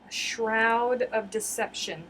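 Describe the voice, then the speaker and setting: A giggly, excitable woman talks unhurriedly to her live viewers as she unboxes. Her voice sits a little high. A faint hiss runs underneath. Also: slow. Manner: excitable, giggly, addresses viewers as you guys. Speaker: crochet livestream host.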